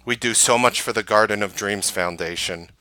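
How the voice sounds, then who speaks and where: A man host recapping a trading day and pitching his course, emphatic and full of rhetorical questions. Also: moderate pace, pushed and bright, a little hiss or hum.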